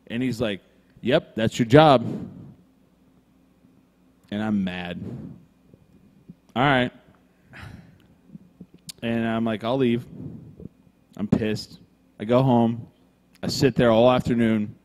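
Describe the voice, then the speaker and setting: Animated man telling a story in a reverberant room. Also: mid-range voice, slow pace, pauses often. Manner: animated, swears freely, acts out quoted voices. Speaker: podcast co-host telling a story. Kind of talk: casual storytelling. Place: brewery room.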